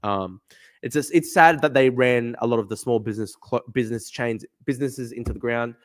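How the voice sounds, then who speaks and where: A man's voice: mid-range voice, fairly quick. A young man from Australia hosting a casual livestream, reading viewer comments aloud and rambling with frequent repeats. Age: young adult. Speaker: livestream host reading chat.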